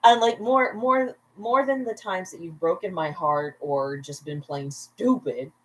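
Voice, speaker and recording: A woman's voice: fairly low pitch, a little slow, rough recording. A tipsy woman at home at bedtime, hosting a casual livestream where she rambles, laughs often and makes chatty asides to her viewers. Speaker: vlogger, livestream host.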